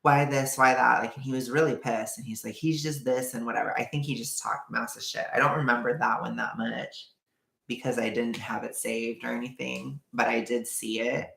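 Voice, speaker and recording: A man's voice: medium pitch, little pitch movement, normal speed, creaky, bright, forceful tone. A man vlogger telling a personal story in a candid, emotional, rambling way. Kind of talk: storytime vlog. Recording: echoey room.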